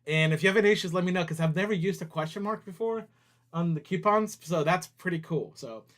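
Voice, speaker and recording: A man's voice: high voice, brisk, fairly bright tone. Chatty man hosting a livestream. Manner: chatty, laughs easily, talks to viewers while working on screen. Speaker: company CEO hosting a livestream. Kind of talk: casual livestream chat.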